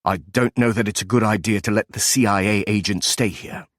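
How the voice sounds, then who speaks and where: A man's voice: fairly low pitch, steady tone, a little fast, no echo, clean studio sound, close to an everyday voice. A man voicing a disapproving upper-crust British man, with a posh British accent. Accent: upper-class British.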